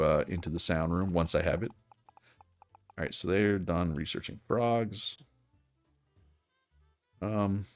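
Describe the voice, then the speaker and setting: Male streamer, deep voice, relaxed rambling play-by-play commentary, light music underneath. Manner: chatty, thinks aloud, frequent fillers and restarts. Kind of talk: casual gameplay commentary.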